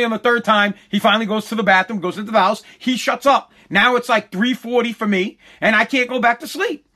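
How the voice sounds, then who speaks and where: A man ranting in a casual, comic way, exasperated and griping, often stammering and repeating his words. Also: high voice. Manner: shouts when quoting himself.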